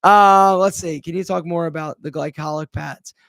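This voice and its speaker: A man's voice: on the high side, steady tone, moderate pace, gravelly, fairly bright tone, no room sound, studio quality. A man, a brand founder, answering viewer questions in a casual live Q&A, chatty and full of fillers. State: a bit out of breath.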